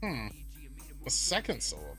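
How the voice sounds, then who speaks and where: Faint music plays behind a man running an easygoing stock-market stream. At a moderate pace and in a mid-range voice, he reads viewers' chat aloud and rambles through relaxed answers.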